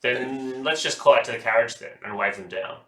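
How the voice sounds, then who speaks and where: A man playing a tabletop game, talking excitably with many restarts. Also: mid-range voice, brisk. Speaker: player. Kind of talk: casual tabletop game play. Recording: roomy, distant mic.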